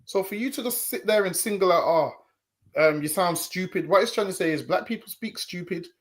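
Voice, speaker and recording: A man's voice: sits high, fast. A man co-hosting a reaction commentary, arguing his point with restarts and stammers. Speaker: co-host.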